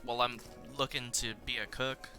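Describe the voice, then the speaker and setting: A man's voice: medium pitch, flat delivery, normal speed, sharp tone, faint music behind. Easygoing male tabletop player. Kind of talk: tabletop role-play in character.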